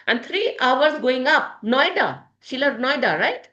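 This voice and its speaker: A woman's voice: high voice, big pitch swings, unhurried, sharp tone, echoey room, muffled recording. A woman leading a motivational group session, emotional and speaking to members by name. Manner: emotional, addresses listeners by name. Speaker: positivity group leader.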